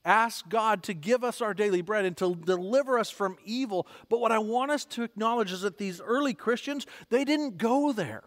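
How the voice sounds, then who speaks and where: A man preaching a sermon as pastor, animated, often repeating words and restarting phrases. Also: high-pitched, normal speed, few pauses, long reverb tail.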